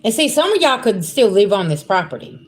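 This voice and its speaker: A woman's voice: mid-range voice, sing-song, a little fast. Blunt, profane woman doing a live reading. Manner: blunt, profane, talks straight to viewers as "y'all". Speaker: spiritual reader. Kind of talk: casual livestream reading.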